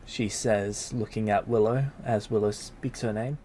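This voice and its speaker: Unhurried man narrating as game master. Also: fairly low pitch, fairly even intonation, warm tone.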